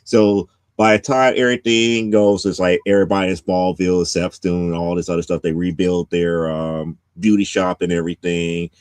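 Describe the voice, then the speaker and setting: A man's voice: low voice, flat delivery, normal speed, few pauses, a little mellow, smooth, no room sound. A man hosting a casual comics podcast, giving a rambling plot recap with many restarts. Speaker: podcast host.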